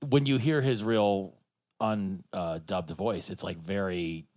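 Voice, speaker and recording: A man's voice: low voice, steady tone, slow, darkish tone. A man hosting a podcast, talking in a loose, rambling way and laughing often. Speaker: podcast host. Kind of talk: casual chat.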